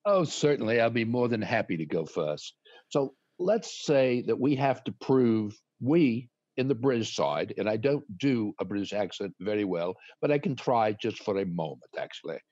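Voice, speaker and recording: A man's voice: fairly low pitch, expressive, moderate pace, a little mellow, no echo. Playful male attorney on dull remote audio. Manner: playful, wordplay, dramatic courtroom flair. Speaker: guest attorney.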